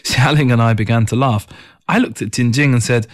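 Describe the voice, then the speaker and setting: Brief: male narrator, mid-pitched, measured and reflective, first-person audiobook.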